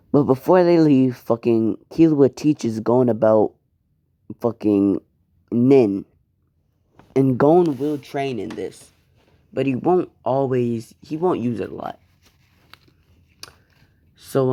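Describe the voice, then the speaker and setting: A man narrates a homemade fan story in a loose, chatty way, swearing now and then. His voice is mellow and low-key, at a middling pitch. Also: lo-fi sound.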